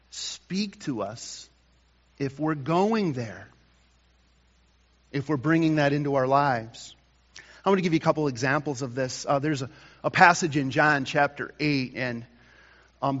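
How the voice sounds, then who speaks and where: A male pastor delivering a morning sermon, slow and emphatic, rising to loud bursts and dropping to quiet lines. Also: mid-range voice. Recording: dull sound with long hall reverb.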